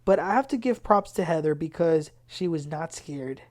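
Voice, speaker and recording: A woman hosting a casual TV recap, animated and acting out quotes in a raised voice. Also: deep voice, moderate pace. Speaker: recap show host.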